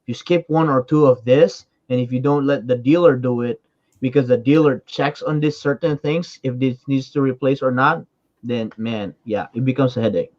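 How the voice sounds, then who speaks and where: A man chatting casually on a livestream, animated and filling his talk with "like" and "dude". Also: mid-range voice, lo-fi sound. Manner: animated, fast, lots of "like" and "dude". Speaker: co-host.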